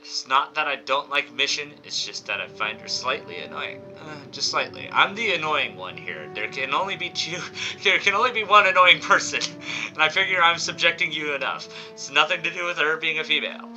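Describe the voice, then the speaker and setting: A man's voice: on the high side, expressive, a little fast, few pauses, sharp tone, poor audio. Chatty guy streaming a game, kinda squawky voice, game music going in the background. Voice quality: slightly squawky voice. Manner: chatty, playful, jumps into silly voices. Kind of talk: live gameplay commentary.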